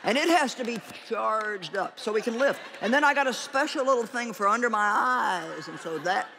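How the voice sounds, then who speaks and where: A woman preaching a conference sermon in a large hall, animated and joking, and she calls out her key lines loudly. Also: a little high, moderate pace, creaky, a little hiss or hum.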